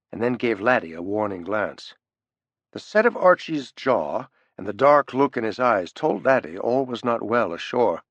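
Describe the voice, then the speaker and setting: A man narrating an audiobook thriller with an expressive, animated reading, on a close studio mic. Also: lowish voice, no room sound. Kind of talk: scripted narration.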